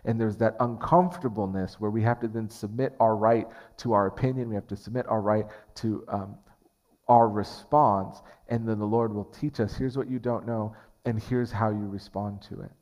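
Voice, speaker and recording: In a church sanctuary with long hall reverb, a pastor preaches an earnest, conversational sermon, often restarting his phrases. His voice is lowish, steady, and darkish, at a moderate pace.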